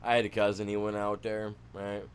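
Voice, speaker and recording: Easygoing Michigan man, low voice. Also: monotone, fairly quick, smooth. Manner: rambling, slangy and easygoing. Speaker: game streamer. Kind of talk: casual gameplay chat.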